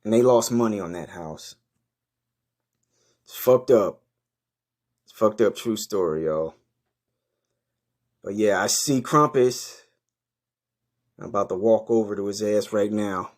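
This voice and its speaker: A man narrating a comic story in a profane, deadpan way. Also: fairly low pitch, measured pace, pauses often. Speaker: comedian narrating a skit.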